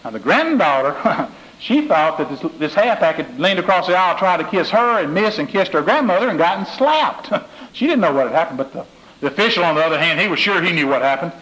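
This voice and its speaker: A man's voice: fairly high pitch, very animated, fairly quick, fairly bright tone, rough recording. A man giving a motivational speech, telling folksy stories and repeating his key phrases. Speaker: motivational speaker.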